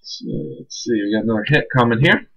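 A man's voice: mid-range voice, expressive, fast, muffled recording, heavy background noise. A man hosting a live-streamed card break, casually calling out each card and who it goes to. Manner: casual, chatty, calls out cards and names.

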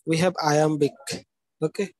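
A man's voice: on the high side, steady tone, unhurried, a little mellow, no room sound, rough recording. A man giving a live university lecture. He explains step by step, keeps asking "okay?" and spells out words letter by letter. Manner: explanatory, checks understanding with frequent "okay?".

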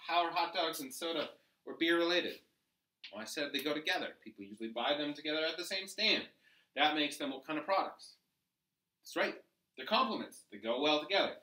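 A man gives a lively classroom economics lecture, tossing out rhetorical questions. His voice is bright and a little high, and it sounds roomy and echoey, as if caught from across the room. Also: a little fast, distant mic. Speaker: teacher. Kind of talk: economics lecture while drawing graphs.

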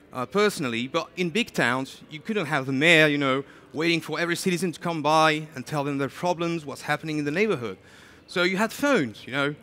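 Guy giving a keynote on stage, high bright voice, chatty, lots of "you know". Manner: animated, chatty, says "you know" a lot. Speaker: conference speaker. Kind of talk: lively keynote talk. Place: conference stage.

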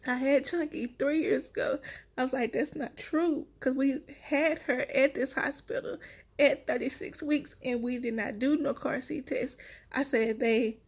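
A woman talks straight to her viewers in a casual, emotional vlog. Her voice is a little high and husky. She has just had a baby and tells her story at an unhurried pace. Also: fairly even intonation. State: one week after giving birth. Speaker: vlogger, new mother.

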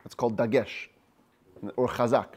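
A man, a rabbi, giving a text study class, reading Hebrew phrases slowly and explaining each one in English. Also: mid-range voice, steady tone, slightly rough.

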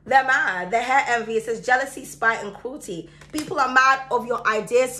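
Chatty tarot lady, bright high-ish voice, sore throat, keeps calling you darling. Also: a little hiss or hum. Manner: chatty and excitable, calls viewers darling. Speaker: tarot reader. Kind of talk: casual astrology reading to camera.

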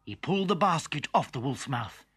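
A man reading a children's story aloud in a gentle, expressive narration. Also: a little high, normal speed, husky. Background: background music.

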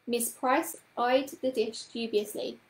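A woman storyteller reading a children's book aloud with a gentle, expressive manner. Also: a little high, takes it slowly, roomy sound, low-quality recording.

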